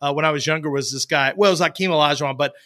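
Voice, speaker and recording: Bright-voiced man telling animated stories. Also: fairly high pitch, rapid-fire. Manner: animated storyteller, acts out quoted voices. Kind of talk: casual chat.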